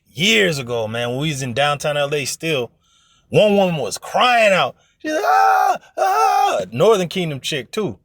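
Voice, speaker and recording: Blunt, profane man preaching with a fairly high voice. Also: animated, normal speed, a bit bright, no echo, clean studio sound. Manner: blunt, profane, emphatic exhortation; acts out voices in his stories. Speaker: religious teacher. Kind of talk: informal preaching to an online audience.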